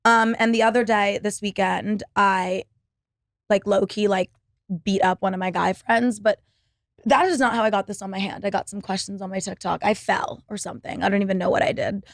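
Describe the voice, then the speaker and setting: A woman's voice: medium pitch, steady tone, moderate pace, no room sound, studio quality. A woman in her twenties hosting a solo podcast, rambling casually with constant fillers and swearing. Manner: rambling, profane, lots of "like" fillers. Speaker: podcast host. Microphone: laptop setup.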